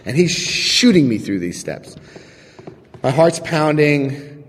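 A man sharing his recovery story with a live audience, telling it in an animated, chatty way, acting out scenes and checking in with his listeners. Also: on the high side, slow, long reverb tail. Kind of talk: personal testimony to a live audience.

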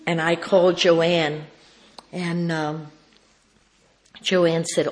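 A woman's voice: lowish voice, level tone, very slow. A woman speaking at a recovery meeting, telling a personal story in a folksy, wry way and acting out the dialogue she recalls.

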